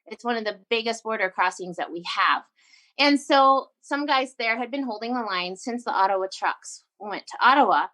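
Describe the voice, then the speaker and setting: A woman telling a personal story in a casual interview, animated and emphatic, acting out her own quoted lines. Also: on the high side, normal speed. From Canada. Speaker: guest entrepreneur.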